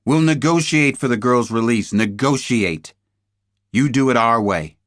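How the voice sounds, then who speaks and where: A man's voice: medium pitch, a little slow, fairly bright tone, dry recording, clean studio sound, natural voice. A male narrator voicing a stern FBI agent in charge, giving orders in a commanding way.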